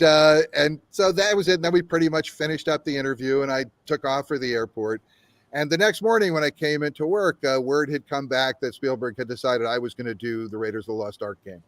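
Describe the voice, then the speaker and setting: Speaking at a brisk clip in a medium-pitched voice, this older game developer spins a lengthy tale as an interview guest. He's an animated storyteller who laughs a lot and performs the quotes, and the recording is dry.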